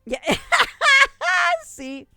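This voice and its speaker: A woman's voice: very high voice, huge pitch swings, very slow, gravelly, sharp tone, no echo, clean studio sound. A young adult woman streamer chatting casually with viewers, gushing and rambling, with frequent coughs.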